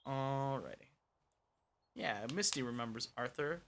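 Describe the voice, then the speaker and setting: Bright-voiced young man streaming a game. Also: medium pitch, expressive, measured pace. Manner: rambling and self-mocking, mutters while playing. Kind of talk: casual gameplay chat.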